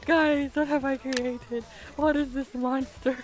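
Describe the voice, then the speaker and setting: A woman's voice: high-pitched, fairly even intonation, slow pace, faint music behind. A woman streaming a building game, chatting in a self-mocking way and breaking into laughs and squeals. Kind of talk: casual game-stream commentary.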